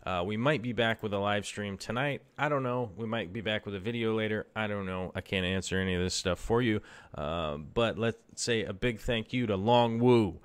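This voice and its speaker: Laid-back low-voiced man rambling. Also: smooth. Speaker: live stream host. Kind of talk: casual live stream chat.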